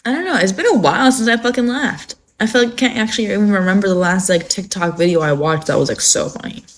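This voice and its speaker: Talking fast in a mid-range voice, a young woman from California hosts a casual morning livestream on her phone right after waking up. She rambles on with lots of filler words and swears freely.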